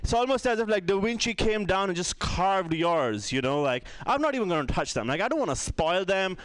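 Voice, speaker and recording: A man's voice: sits high, big pitch swings, brisk, fairly bright tone, smooth, dry recording. A man from India doing a rambling, self-mocking stand-up set, full of "like". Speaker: stand-up comedian.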